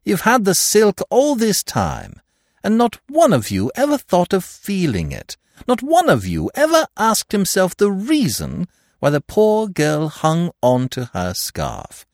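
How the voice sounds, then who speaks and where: A man reading a story aloud and voicing a sly, mocking gentleman thief with a theatrical, taunting manner. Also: sits high, wildly swooping pitch, measured pace, no room sound, studio quality, voice pushed up, exaggerated voice. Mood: gloating.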